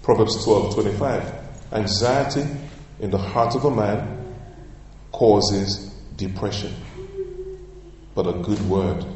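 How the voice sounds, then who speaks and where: Pastor guy preaching, kinda low voice, repeats stuff slow for emphasis, calls for amens, super echoey church from far off. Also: a little mellow, slight background noise. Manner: emphatic, repeats key phrases slowly, calls for responses. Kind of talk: preaching a sermon. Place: church sanctuary. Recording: echoey church hall, voice from afar.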